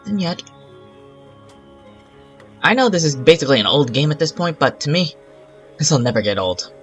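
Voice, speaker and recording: A man's voice: a little high, sing-song, moderate pace, a bit bright, faint music behind. A man giving rambling casual commentary while playing a park-building game, with exasperated asides. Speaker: gaming channel host. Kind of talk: casual let's-play commentary.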